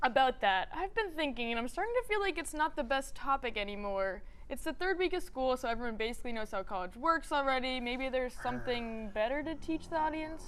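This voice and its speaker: A woman's voice: high-pitched, animated, a little fast, hardly any pauses, fairly bright tone, a little hiss or hum. A young woman co-hosting a scripted student comedy show, playing the cheerful, bemused straight woman. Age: young adult. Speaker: co-host.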